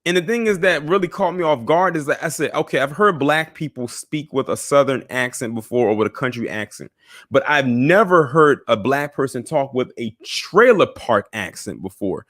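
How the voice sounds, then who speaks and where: A man's voice: medium pitch, moderate pace. A young man hosting a casual news commentary show, talking straight to his viewers with scoffing asides. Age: young adult. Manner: animated, talks to viewers directly, scoffing asides.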